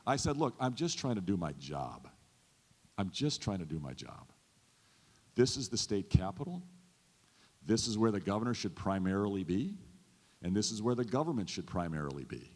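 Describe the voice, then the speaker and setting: Low-voiced and very animated yet a little mellow, a man in his fifties, a governor, speaks at a moderate pace with long pauses. His earnest, folksy stump speech to a chamber audience repeats itself often. Long reverb fills the large event hall.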